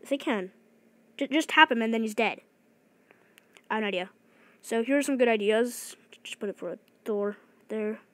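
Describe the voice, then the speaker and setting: A woman with a fairly high voice gives eager gameplay commentary, tumbling over her words and restarting sentences. The recording is close and dry, with no room sound. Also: no echo. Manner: excitable, fast-talking, many restarts. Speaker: gaming video creator.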